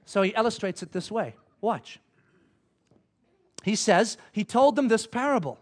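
A middle-aged man preaching a sermon, telling stories and acting out the quotes with lively energy. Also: high-pitched, a little slow, husky. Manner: animated storytelling, acting out quotes.

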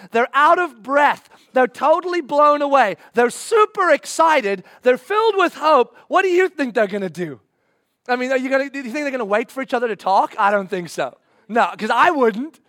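A man preaching a sermon, acting out scenes in voices and swinging from loud bursts to hushed, slow passages. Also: extremely high pitch, no room sound, clean studio sound.

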